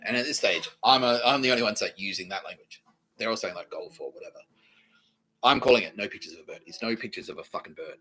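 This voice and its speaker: A man's voice: lowish voice, fast, pushed and bright, soft background music, poor audio. An Australian man hosting a podcast, talking alone in a rambling, profane, repetitive way. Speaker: podcast host. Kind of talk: rambling solo monologue.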